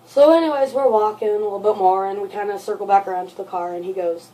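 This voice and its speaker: A young adult woman telling a personal story in a vlog, halting and looping back over details with lots of fillers. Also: mid-range voice, warm tone. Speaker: vlogger. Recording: voice sits far from the mic.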